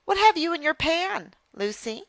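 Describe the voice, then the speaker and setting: A woman voicing a kind young farm boy in a primer dialogue, speaking gently. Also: extremely high pitch, very animated, moderate pace, no room sound, voice pushed up, exaggerated voice. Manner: gentle, kindly offering. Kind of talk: reading a primer dialogue aloud.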